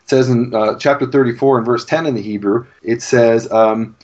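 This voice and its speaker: A man teaching scripture in a discussion. He talks earnestly and with enthusiasm, pausing on fillers as he thinks. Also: medium pitch, steady tone, darkish tone, highs cut off. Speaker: Bible teacher.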